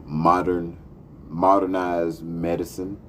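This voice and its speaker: A man's voice: low voice, flat delivery, slow, a little hiss or hum. A man hosting a talk show, delivering a profane, impassioned monologue. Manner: profane, heated, emphatic. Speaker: podcast host.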